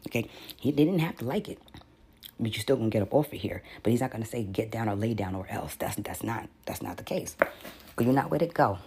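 A man's voice: mid-range voice, animated, fairly quick, gravelly, darkish tone, slight background noise. A man teaching on a podcast in a casual, rambling way, often repeating words and reading passages aloud.

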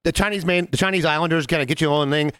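A man co-hosting a casual podcast, telling an animated story and acting out the voices of the people in it. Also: on the high side, rapid-fire, smooth, no echo, studio quality. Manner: animated, jumps into mimicked voices of customers. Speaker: podcast co-host.

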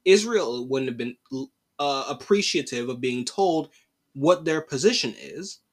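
A man's voice: medium pitch, expressive, measured pace. A young man hosting a solo opinion podcast, exasperated and casual, with slangy talk and repeated lines. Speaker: podcast host.

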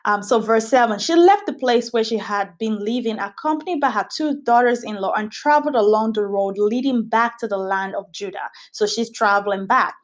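Lady doing a casual bible study, bit higher voice, earnest, keeps repeating herself for emphasis. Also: moderate pace, few pauses. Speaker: Bible study podcast host. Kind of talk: casual Bible study teaching, reading scripture aloud.

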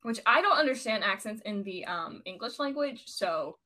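A woman's voice: on the high side, lively intonation, normal speed, pushed and bright. A young woman co-hosting a casual podcast, rambling and self-deprecating as she explains a word. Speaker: podcast co-host.

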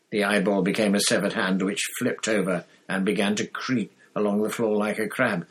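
A man reading a story aloud as narrator, in a measured, deliberate way. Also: deep voice, steady tone, fairly bright tone, slightly rough, poor audio. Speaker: audiobook narrator.

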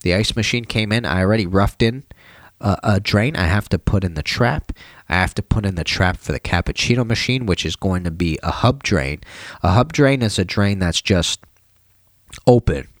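A man's voice: on the low side, normal speed, no echo. A tired man vlogging casually about his plumbing work, chatty and slangy. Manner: chatty, slangy, animated when retelling. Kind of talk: casual vlog talk.

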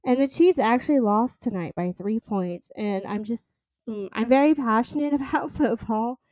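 A woman's voice: fairly high pitch, normal speed, a little mellow, dry recording. A woman in her twenties hosting her own podcast, chatting casually and rambling with lots of fillers. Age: 20s. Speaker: podcast host. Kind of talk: casual solo podcast chat.

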